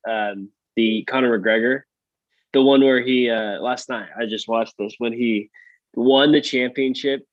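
A man's voice: mid-range voice, steady tone, dry recording. Dry-joking man on a dull mic. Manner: dry joking, halting restarts. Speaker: podcast co-host. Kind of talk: casual chat.

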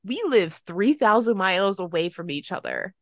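A woman co-hosting a book podcast in casual chat, blunt and a bit sweary. Her voice swings widely in pitch, and the sound is dry. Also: expressive, normal speed, no echo. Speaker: podcast co-host.

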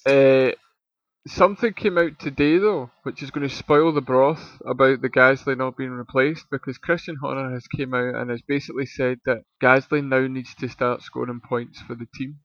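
A man's voice: medium pitch, steady tone, moderate pace, a bit bright, dry recording, muffled recording. A man co-hosting a casual podcast, talking through race analysis with dry, teasing humor. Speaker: podcast co-host. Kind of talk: casual chat.

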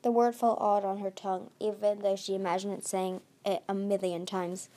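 A woman reading a novel aloud in a steady voice, often tripping over words and correcting herself. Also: mid-range voice, normal speed. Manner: steady with frequent slips and self-corrections. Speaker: storybook reader.

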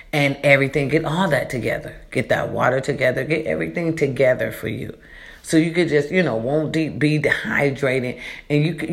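With an extremely low, gravelly voice, a female vlogger delivers a laid-back motivational monologue from an echoey room that isn't hers. She preaches chatty life advice, addressing people as baby and y'all.

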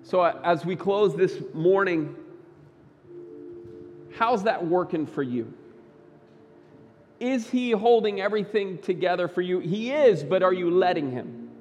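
A man preaching a Sunday sermon as pastor, emphatic, swinging between loud bursts and quiet low lines. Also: expressive, a little slow, long pauses, big-room sound, dull audio, a little hiss or hum. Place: church sanctuary.

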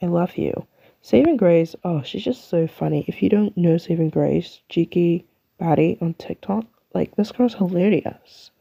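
A young English woman hosts her own podcast alone, rambling and poking fun at herself. Her voice is very dark and husky, with a gravelly edge. The recording sounds slightly muffled, like a basic home setup. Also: fairly low pitch, unhurried. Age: young adult. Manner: chatty, rambling, self-mocking. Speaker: podcast host. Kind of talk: casual solo podcast chat.

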